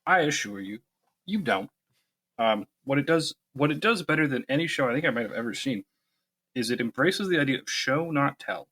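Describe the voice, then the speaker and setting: A man's voice: medium pitch, lively intonation, brisk, bright, forceful tone, breathy edge. A man co-hosting a casual podcast chat, talking with emphatic enthusiasm. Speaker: podcast co-host.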